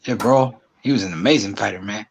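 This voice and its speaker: A man in his twenties calling into a live stream, loud and swaggering, saying "bro" at every turn. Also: on the low side, fairly quick, creaky, husky. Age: 20s. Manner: slangy, says "bro" constantly, loud and swaggering. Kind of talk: casual boisterous chat. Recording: dull lo-fi call audio.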